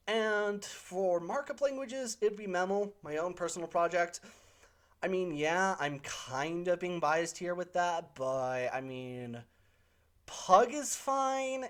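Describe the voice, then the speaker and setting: A channel host responds to viewer questions in an unscripted, casual monologue that's rambling and opinionated. The voice is medium-pitched, with frequent fillers and self-corrections.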